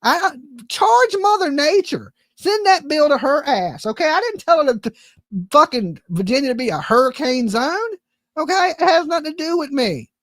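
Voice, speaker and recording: Fed-up woman host, swearing and rambling, voice a bit high, jumps all over in pitch. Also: big pitch swings, moderate pace, fairly bright tone, dry recording. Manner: profane, exasperated, rambling with restarts. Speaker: livestream host. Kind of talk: casual ranting chat. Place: home.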